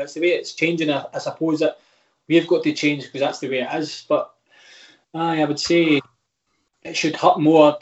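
A Scottish man in his thirties, a footballer guesting on a casual podcast, talks frankly and rambles with lots of restarts. His voice is a little high, recorded muffled in an echoey room.

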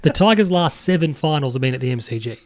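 Animated Australian man talking footy. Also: fairly high pitch, fast. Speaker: podcast co-host. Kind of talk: casual sports chat.

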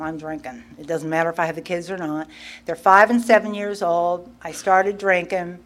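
A middle-aged woman candidly telling her own recovery story, acting out her past self in quoted asides. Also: on the low side. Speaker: guest speaker sharing recovery story. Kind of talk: personal storytelling at a recovery meeting.

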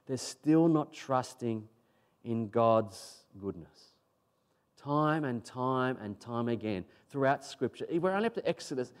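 A man preaching from the pulpit in a slightly raised voice. He keeps his delivery casual and emphatic and repeats phrases to drive points home. The tone is a plain, everyday talk to a congregation. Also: on the high side. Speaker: pastor. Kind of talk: sermon.

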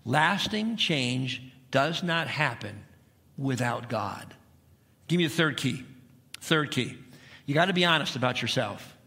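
A man's voice: mid-range voice, expressive, unhurried, sharp tone, long reverb tail. A middle-aged male pastor preaching a sermon in a church, emphatic, with repeated phrases and rhetorical questions. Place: church sanctuary.

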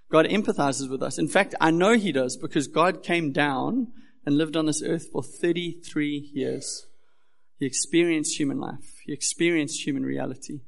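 A man's voice: mid-range voice, fairly even intonation, moderate pace, vocal fry. A young man preaching a sermon as pastor, earnest and building in intensity.

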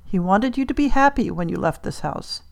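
A woman's voice: mid-range voice, lively intonation, normal speed, creaky, pitched above the performer's own voice. A woman reading a tender, firm mother. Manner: gentle yet scolding. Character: grieving mother, middle-aged, tender but firm.

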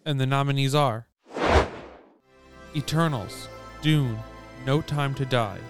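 A man's voice: mid-range voice, slow, loud music behind the voice. A man co-hosting a casual podcast chat, easygoing and playful. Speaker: podcast co-host.

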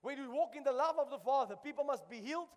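A man's voice: extremely high pitch, fast, darkish tone, in a large hall. A man preaching a sermon in a church, impassioned and repeating phrases for emphasis. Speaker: pastor. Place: church sanctuary.

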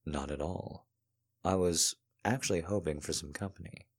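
A refined young gentleman speaks in a low, quiet murmur, very deep and unhurried, as a man reads him. His manner is soft-spoken and charming. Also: husky.

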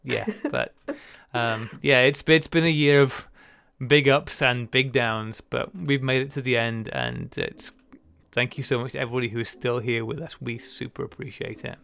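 Gravelly smooth-voiced male podcast host. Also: mid-range voice, lively intonation, normal speed, no room sound. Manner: warm sign-off, thanking listeners. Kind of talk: casual chat.

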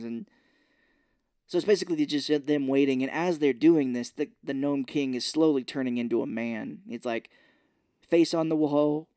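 A man's voice: medium pitch, moderate pace, mellow, clean tone, dry recording, studio quality. A man casually recapping a film scene by scene on a podcast, laughing often and dropping into mock voices for the characters. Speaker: podcast co-host. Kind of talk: casual movie recap chat.

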